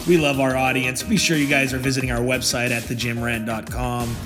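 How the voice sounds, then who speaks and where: A man's voice: mid-range voice, level tone, a little fast, big-room sound, music in the background. A man hosting a podcast alone, ranting with heavy swearing and frequent laughter. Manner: profane, laughing, heated ranting. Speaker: podcast host. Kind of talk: comedic rant podcast.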